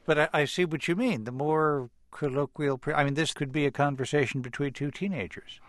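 A man hosting a radio interview, with measured introductions and wry asides. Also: a little high, fairly even intonation, no echo, clean studio sound. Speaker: radio host. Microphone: studio microphone.

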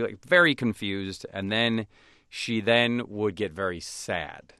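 An American man being interviewed, telling stories in a lively way and acting out the voices of others. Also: lowish voice, unhurried, no room sound, clean studio sound. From United States. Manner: animated storyteller who acts out voices of others. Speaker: actor and comedian guest. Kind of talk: conversational interview.

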